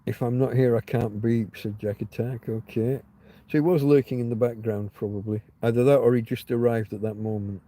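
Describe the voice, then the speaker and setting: A man hosts a casual livestream chat outdoors on private land, his warm, mid-range voice brisk and fairly even in intonation. He rambles through wry stories, swearing plenty along the way.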